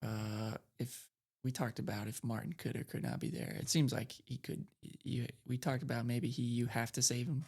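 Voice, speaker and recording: A man's voice: mid-range voice, fairly even intonation, normal speed, vocal fry, a little mellow. A man co-hosting a podcast, rambling loosely and conversationally through a recap of a video game. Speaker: podcast co-host.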